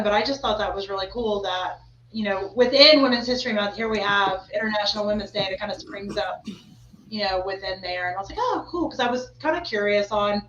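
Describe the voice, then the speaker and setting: A woman's voice: mid-range voice, fairly bright tone. A woman hosting a podcast in casual chat, talking in a rambling, chatty way full of fillers. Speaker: podcast host. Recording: roomy, slightly dull recording.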